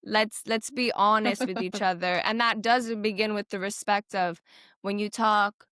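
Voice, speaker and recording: A woman's voice: medium pitch, normal speed, clear, resonant tone, no room sound, clean studio sound. A young woman, a heart patient and interview guest, talking emotionally and on the edge of tears, with lots of fillers. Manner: tearful, animated, many "like" fillers, acts out quoted doctors. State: teary.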